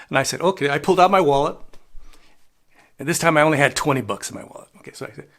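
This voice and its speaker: A man's voice: medium pitch, racing, a bit bright. An older man telling rambling travel stories in a casual vlog, chuckling and dropping in Spanish phrases. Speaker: travel vlogger. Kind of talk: casual storytelling monologue.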